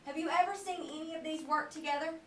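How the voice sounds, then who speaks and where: High-voiced woman teacher in an echoey classroom. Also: steady tone, sharp tone. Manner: patient, questioning, drawn-out word modelling. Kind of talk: classroom phonics lesson. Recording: echoey classroom from a distance with faint hiss.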